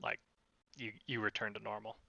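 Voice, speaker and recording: A man narrating a tabletop game as game master, halting with many fillers. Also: lowish voice, little pitch movement, vocal fry, dull audio, a crowd in the background.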